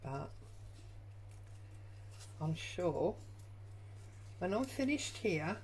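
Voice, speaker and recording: Slow, chatty woman crafting at home. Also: on the low side, sing-song, a little mellow, a little hiss or hum, rough recording. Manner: chatty, thinks aloud with musing asides. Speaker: junk journal crafter and channel host. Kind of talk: crafting tutorial chat.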